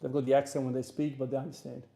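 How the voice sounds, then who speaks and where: Very fast and with vocal fry, a mid-range voice belongs to a streamer and lifter from South Australia. He has an Australian accent and chats casually between gym sets, rambling through his chat's questions in a relaxed way.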